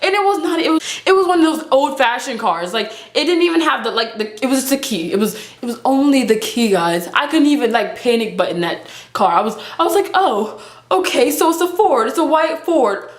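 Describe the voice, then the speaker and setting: A young woman's high, bright voice carries a casual storytime vlog, animated and dramatic. She acts out her own reactions in the retelling. Her voice rings in an echoey room. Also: brisk. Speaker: vlogger.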